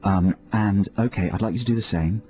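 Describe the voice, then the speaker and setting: A male radio host doing deadpan mock-hypnotist patter with callers, speaking into a studio microphone. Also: on the low side, brisk. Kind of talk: comedy radio banter.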